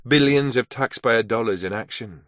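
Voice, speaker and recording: A man narrating an action thriller audiobook in a measured, steady read. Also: medium pitch, no room sound, studio quality. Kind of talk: scripted narration.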